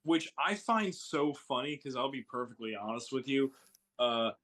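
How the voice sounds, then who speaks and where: A man's voice: mid-range voice, expressive, moderate pace, a bit bright. A man chatting on a stream as co-host, eager and piling up "like" as he builds a point. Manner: enthusiastic, repeats "like" while building a point. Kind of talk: casual chat.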